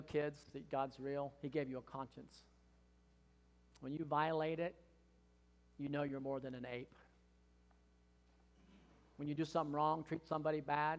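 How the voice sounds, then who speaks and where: A man in his sixties preaching a sermon to his congregation, earnest and emphatic, rising to impassioned pleading. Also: fairly high pitch. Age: 60s. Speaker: pastor. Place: church hall. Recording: long hall reverb.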